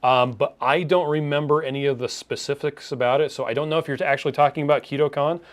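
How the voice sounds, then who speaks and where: A man's voice: fairly high pitch, quick pace. A man co-hosting a casual live stream, reading out and answering viewer questions. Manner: relaxed, reads viewer questions aloud.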